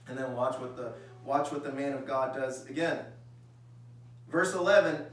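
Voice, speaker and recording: A male pastor delivers a sermon, reading scripture aloud and shifting into conversational, acted-out voices. His tone is bright and forceful and sits a little high for a man. He sounds a bit distant from the mic in a strongly reverberant church hall. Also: measured pace. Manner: reads scripture, then acts out everyday voices conversationally. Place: church sanctuary.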